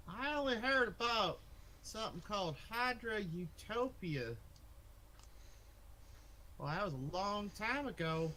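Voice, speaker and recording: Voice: mid-range voice, bright, forceful tone, heavily acted. A game master voicing a folksy, drawling spacer man at a remote station who swears freely and uses backwoods slang. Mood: astonished. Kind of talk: voicing a character in a tabletop game.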